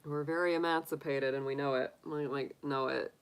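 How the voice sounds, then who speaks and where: A woman's voice: low voice, fairly even intonation, moderate pace, clean tone, rough recording. A woman hosting a tarot live stream, chatting casually with viewers, laughing often and acting out little quotes.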